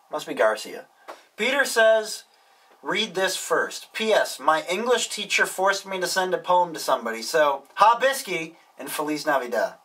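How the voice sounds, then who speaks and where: A man's voice: on the high side, lively intonation, normal speed, sharp tone, distant mic, rough recording. A young man reading viewer postcards aloud in a casual vlog, adding dry, wisecracking asides. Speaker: YouTuber reading viewer mail.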